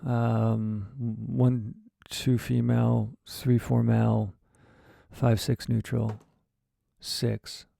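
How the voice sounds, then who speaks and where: A man's voice: medium pitch, little pitch movement, very slow, dark tone, no echo, studio quality. A man thinking aloud as he plans a short story, rambling and often trailing off into mutters. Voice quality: gravelly. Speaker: writer livestreaming his process. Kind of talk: casual thinking aloud while writing.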